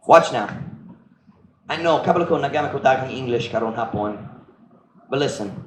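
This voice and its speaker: A man's voice: medium pitch, lively intonation, a little fast, slight background noise. A man preaching a sermon as pastor, switching between English and Cebuano and acting out scenes with members of the congregation. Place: church. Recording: echoey church room with faint ambience.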